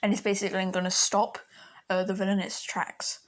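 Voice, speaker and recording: A woman's voice: medium pitch, little pitch movement, brisk. Rambling woman telling a fan story. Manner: rambling, many fillers and restarts. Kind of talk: casual fan fiction storytelling.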